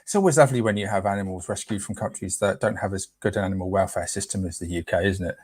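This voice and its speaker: A man's voice: low-pitched, fast talker, darkish tone, slightly rough, no echo. A man hosts a casual live stream, chatting playfully and tripping over names as he reads them out.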